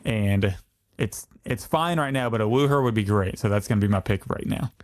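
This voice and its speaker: A man's voice: fairly low pitch, moderate pace. A man hosting a podcast in casual, easygoing chat, talking loosely with many fillers. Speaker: podcast host.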